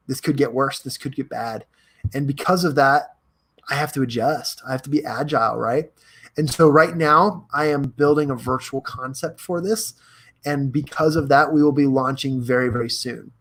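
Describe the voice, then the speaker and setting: A young man hosting a live stream, talking in an energetic, chatty way, reading viewer comments aloud and giving motivational advice. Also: mid-range voice, moderate pace. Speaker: host.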